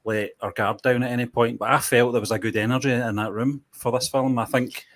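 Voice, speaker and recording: A man co-hosting a casual film review podcast, measured and reserved. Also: medium pitch, fairly even intonation, no room sound. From United Kingdom.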